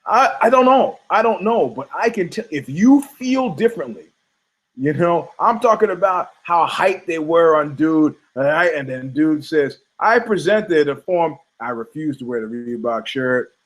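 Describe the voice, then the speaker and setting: A middle-aged man, a podcast co-host, talking casually and with strong opinions, telling animated stories and acting out the people he quotes. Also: on the high side, moderate pace, rough recording. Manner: animated storytelling, acts out quoted voices, frequent laughs.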